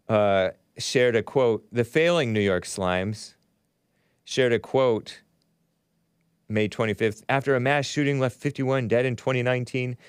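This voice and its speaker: A male talk show host riffs through political commentary in a sarcastic, mocking tone. His voice is smooth and clear and recorded dry and close. His pitch sits in the middle range for a man. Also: dry recording. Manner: sarcastic, mocking, bursts into loud jeers.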